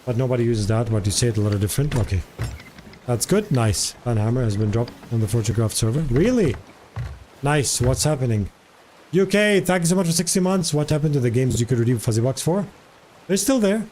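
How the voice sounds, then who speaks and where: A man's voice: mid-range voice, lively intonation, fairly quick, a little mellow, a little hiss or hum. A man streaming live in casual chat, curious and talkative, repeating foreign words aloud to practice them.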